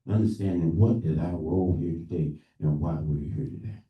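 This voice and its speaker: A man leading a libation in a church service, earnest, with halting pauses and restarts. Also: deep voice, narrow, tinny audio. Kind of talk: preaching-style address. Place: church hall during a live service. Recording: echoey room from far off.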